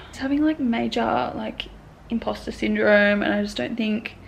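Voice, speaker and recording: A woman's voice: a little high, moderate pace, creaky. Anxious, rambling young woman on the verge of tears. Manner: anxious, rambling, swears often, many "like" fillers. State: tearful and stressed. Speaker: sewing pattern designer. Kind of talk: casual vlog to camera. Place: bedroom at home. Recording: echoey room with faint background noise.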